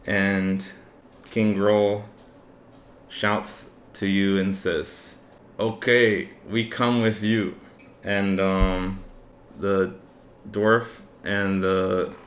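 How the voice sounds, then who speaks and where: Unhurried low-voiced game master. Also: male voice. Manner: relaxed, unhurried narration with fillers. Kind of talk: narrating a tabletop game. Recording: echoey room with faint ambient noise.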